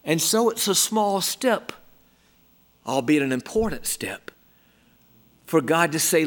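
A man preaching a sermon, emphatic and dramatic, moving from loud exclamations down to hushed near-whispers. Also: a little high, big pitch swings, slow, pauses often.

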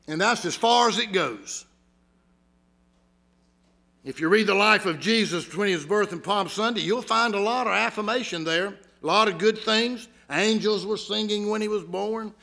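A pastor with a Georgia Southern accent preaches a sermon full of folksy, humorous stories in a gravelly voice. His voice sits high, with a bright, forceful tone.

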